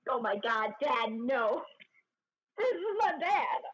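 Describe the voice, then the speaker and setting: A man's voice: very high voice, very animated, takes it slowly, fairly bright tone, highs cut off, heavily acted. A woman voicing an earnest, easily embarrassed young male mage who speaks in a matter-of-fact way.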